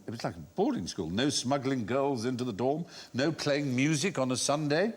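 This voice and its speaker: A man's voice: medium pitch, animated, normal speed, husky. A British man hosting a TV panel show, explaining facts at length with wry, articulate asides. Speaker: quiz show host. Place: TV studio with live audience.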